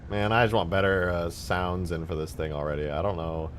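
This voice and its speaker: A man's voice: low-pitched, a little fast, slight background noise. A young man chatting casually and playfully as he works on a game mod, reading viewer messages aloud and joking along. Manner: animated, joking, casual swearing. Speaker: game modder and streamer.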